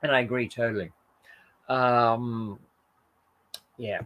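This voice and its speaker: A man's voice: mid-range voice, fairly even intonation, slow pace, dull audio. A man hosting a channel, chatting casually through viewer comments and often losing his thread. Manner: rambling, loses his thread and corrects himself. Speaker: channel host. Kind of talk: casual live-stream chat reading viewer comments.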